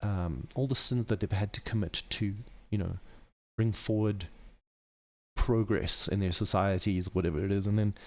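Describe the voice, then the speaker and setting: A non-American man hosts a podcast in a low, steady, darkish voice at a moderate pace. His off-the-cuff conspiracy monologue rambles, broken up by frequent laughs and self-corrections.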